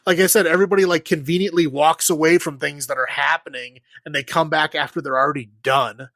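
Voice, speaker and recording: A man's voice: fairly high pitch, fairly even intonation, quick pace, pushed and bright, dry recording. A man co-hosting a podcast, chatting casually about a movie in a rambling way, full of fillers and frequent laughs. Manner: rambling, many fillers, laughs while criticizing. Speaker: podcast co-host. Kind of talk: casual movie review chat.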